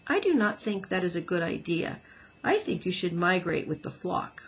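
A gentle robot mother, read by a woman, speaking in even, formal, measured sentences. The voice sits low and very husky-breathy, steady and literal in a storybook reading. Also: muffled recording, exaggerated voice. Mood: calm.

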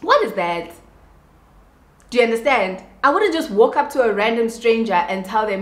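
A woman's voice: fairly high pitch, normal speed. Xhosa-accented woman ranting in an echoey room. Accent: South African, Xhosa. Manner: animated, switching between English and Xhosa, asks "you understand?". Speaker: beauty vlogger. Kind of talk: casual ranting while doing makeup.

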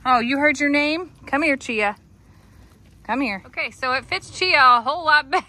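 Bright-voiced woman cooing at her goats. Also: a little high, a little hiss or hum. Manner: affectionate baby talk to her animals. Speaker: goat owner filming her goats. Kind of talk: casual vlog talking to animals.

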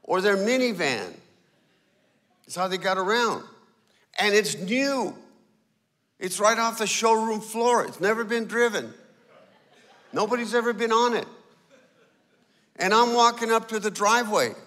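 A man preaching a sermon as a guest pastor, telling stories and acting out small scenes, sometimes dropping to a hushed, pleading tone. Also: high-pitched, expressive, a little slow, pauses often, big-room sound. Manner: storytelling, acting out little scenes. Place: church sanctuary.

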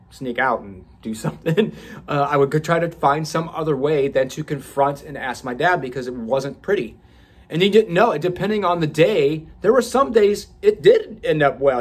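Husky-voiced man, podcast host, candid and profane storytelling, stumbles and restarts often. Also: on the high side.

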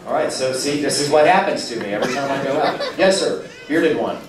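Man answering crowd questions live, wry and self-mocking, lively pitch, recorded from afar in a roomy hall. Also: a little fast. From United States. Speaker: touring speaker taking audience questions. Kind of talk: live audience Q&A. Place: large hall with a live audience. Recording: echoey hall, distant mic, loud crowd noise.

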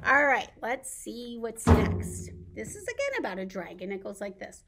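A woman librarian leading a baby storytime, reading aloud and singing rhymes in an animated sing-song way. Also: medium pitch, moderate pace, vocal fry, few pauses, a little hiss or hum. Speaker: children's librarian.

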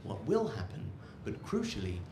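Talking donkey, pompous, solemn, slow, man putting it on, loud crowd noise. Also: fairly low pitch, huge pitch swings, voice pushed down. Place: rooftop comedy club. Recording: echoey live room with crowd noise.

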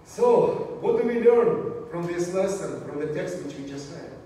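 A man preaching a sermon in a church, speaking slowly and deliberately, often dropping his voice low for emphasis. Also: animated, warm tone, a little hiss or hum. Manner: slow, measured delivery with dramatic drops in volume. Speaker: pastor. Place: church sanctuary. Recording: echoey church hall, from far off.

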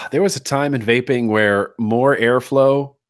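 A man's voice: medium pitch, a little slow, no echo, clean studio sound. A man talking as a guest in a casual interview, enthusiastic and repeating phrases for emphasis. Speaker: guest, atomizer designer.

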